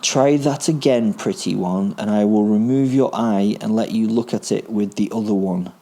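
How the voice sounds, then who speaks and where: A man voicing an unhinged male killer who snarls threats, with a low, mellow voice. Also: moderate pace. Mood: menacing. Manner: snarling threats, then coaxing.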